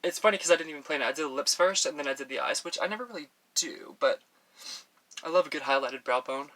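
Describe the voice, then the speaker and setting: A man's voice: on the high side, quick pace, sharp tone. A man from Texas talking casually to camera while doing his makeup, rambling with many restarts and fillers. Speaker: beauty vlogger. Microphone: professional audio on camera.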